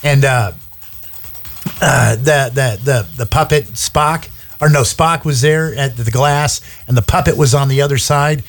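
A man's voice: medium pitch, a little slow, faint music behind. A man hosting a small-town radio show, chatting in a rambling, casual way full of fillers.

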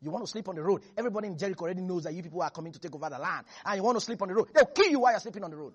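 A preacher delivering a lively sermon, laughing and acting out Bible characters. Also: medium pitch, rapid-fire, breathy edge, highs cut off.

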